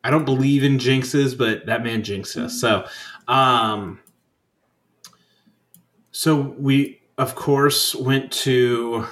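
A man's voice: medium pitch, a bit bright, low-quality recording. A young man co-hosting a podcast, telling a trip story in a rambling, profane, laid-back way with lots of fillers. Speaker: podcast co-host. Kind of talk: casual chat.

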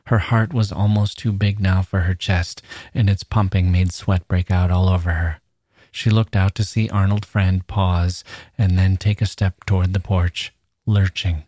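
A man who hosts a podcast, reading a short story aloud at a measured, dramatic pace. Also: deep voice, little pitch movement, a little mellow, dry recording, clean studio sound. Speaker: podcast host.

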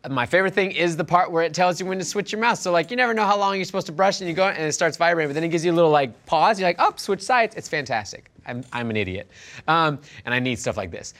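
A man hosts an improv comedy game show, relaxed and quick to laugh. His voice sits a little high. He reads rules and ad copy in a casual, offhand way. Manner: laughing, loose. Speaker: host.

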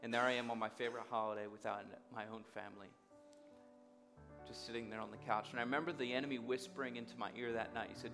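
A man's voice: mid-range voice, steady tone, fast talker, music in the background. A man preaching a sermon, telling a personal story and acting out the dialogue. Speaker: guest speaker.

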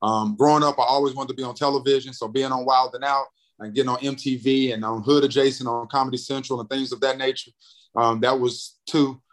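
A man's voice: mid-range voice, a little fast. A young man from North Carolina telling a story as a podcast guest, acting out the voices in it and often repeating words. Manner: animated, acts out quoted voices, repeats words. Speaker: guest, radio and TV personality. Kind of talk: excited storytelling in a podcast chat.

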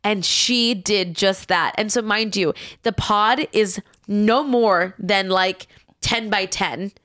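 A woman's voice: medium pitch, slow, fairly bright tone, no echo, studio quality. A young adult woman chatting casually with her sisters, telling a story full of filler likes. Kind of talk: casual chat.

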